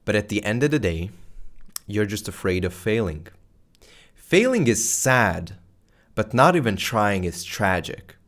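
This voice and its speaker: A man teaching video creators in a loud, playful, deliberately exaggerated way, speaking close to a microphone. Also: on the low side. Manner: animated and casual, slangy, exaggerated excitement. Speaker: YouTube creator teaching strategy. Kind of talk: energetic talking-head lesson. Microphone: close microphone facing camera.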